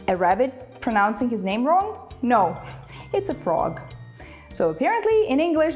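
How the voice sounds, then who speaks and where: A woman's voice: on the high side, sing-song, unhurried, darkish tone, soft background music. A young woman whose first language is Ukrainian, teaching English in a playful, chatty video lesson and laughing often. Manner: playful, laughs often, imitates animal sounds.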